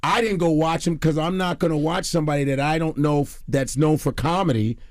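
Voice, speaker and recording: A middle-aged man from Chicago, a comedian guest telling an animated story on a radio talk show. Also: fairly high pitch, a little fast, no room sound, studio quality. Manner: animated, acts out quoted voices.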